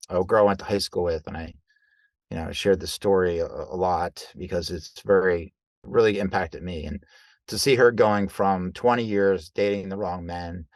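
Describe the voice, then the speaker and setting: A man, a guest coach, telling stories in a loose, conversational way, acting out quoted dialogue with lively jumps in voice. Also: sits low, moderate pace, dry recording. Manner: animated, acts out quoted dialogue; loose, conversational with fillers like right and like. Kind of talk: casual storytelling in an interview.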